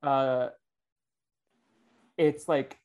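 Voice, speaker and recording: Male co-host, mid-pitched, easygoing, hesitant chat with fillers. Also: flat delivery, extremely slow, a little mellow, smooth. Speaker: podcast co-host. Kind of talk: casual chat.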